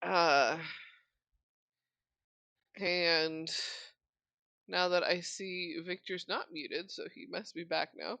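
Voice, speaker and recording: A woman running a tabletop game as dungeon master, narrating slowly with many pauses and fillers. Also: on the low side, fairly even intonation, creaky, bright, forceful tone, no room sound, highs cut off.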